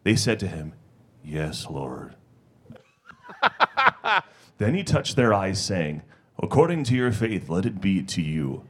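A man's voice: deep voice, wildly swooping pitch, slow pace, pauses often, fairly bright tone. A man in a church congregation reading scripture aloud, amused and laughing between verses.

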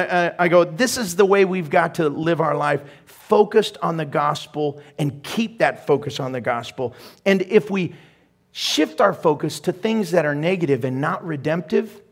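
A man's voice: a little high, animated, measured pace, creaky. A middle-aged male pastor preaching a sermon in a conversational way, with laughing asides and growing emphasis.

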